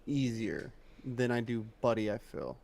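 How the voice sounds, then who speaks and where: Relaxed reflective man in casual chat. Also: mid-range voice, a little slow, gravelly. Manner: relaxed, reflective, says "like" and "bro" a lot. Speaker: podcast co-host.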